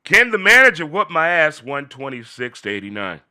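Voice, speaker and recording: A man hosts an unscripted midday talk show in a bright, forceful voice. His pitch swings widely as he repeats phrases and talks to himself. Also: sing-song, fairly quick, smooth.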